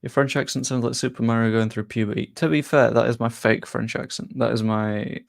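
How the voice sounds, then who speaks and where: Gravelly-voiced man answering chat questions. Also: mid-range voice, fairly even intonation, fairly quick, hardly any pauses. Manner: chatty, answers viewer questions with asides. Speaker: football channel host. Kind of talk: casual live-stream Q&A.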